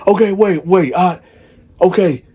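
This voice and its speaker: A man voicing a frantic wife who confronts her husband in a shrill, pressing way. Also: unhurried, warm tone, breathy edge. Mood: demanding.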